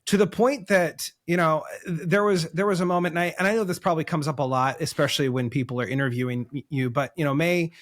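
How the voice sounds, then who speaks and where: A man with a slightly high voice hosts an interview. He talks in an admiring way, with restarts as he hunts for the right words. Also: fairly even intonation, fast talker, hardly any pauses, fairly bright tone. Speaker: podcast host. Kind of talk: interview questions.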